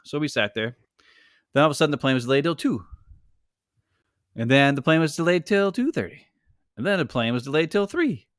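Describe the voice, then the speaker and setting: A man in his forties, a podcast co-host telling a story in a casual, rambling, animated way. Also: on the high side, a little fast, pauses often, dry recording, studio quality. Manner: rambling, animated, heavy use of "like".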